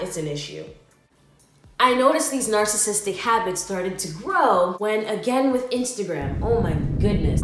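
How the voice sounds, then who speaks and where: A woman telling a storytime on her travel vlog, slangy and emphatic as she vents. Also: medium pitch. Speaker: travel vlogger. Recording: roomy echo.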